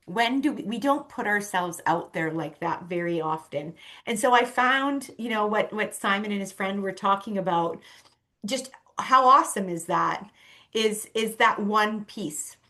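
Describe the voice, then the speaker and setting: A woman's voice: mid-range voice, measured pace, bright, forceful tone. A woman talking as a podcast guest, earnest and conversational, with many fillers and restarts. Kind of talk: casual conversation.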